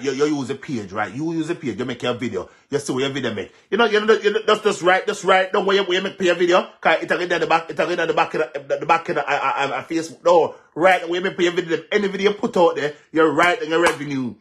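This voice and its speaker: A man's voice: medium pitch, pushed and bright. A man with a Jamaican accent giving heated commentary on a vlog, repeating himself for emphasis and mixing patois with English. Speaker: social media commentator.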